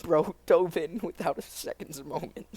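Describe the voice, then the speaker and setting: A woman's voice: low-pitched, moderate pace, dark tone, slightly rough. A woman hosting a casual manga read-aloud, chatty with amused asides. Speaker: channel host reading a manga aloud. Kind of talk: casual reading with commentary.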